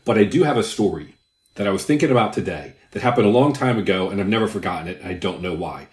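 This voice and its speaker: A man's voice: low voice, lively intonation, fast, darkish tone. An older man who hosts a crypto channel, explaining market figures in a casual, conversational way with rambling asides. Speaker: crypto YouTuber. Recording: roomy echo.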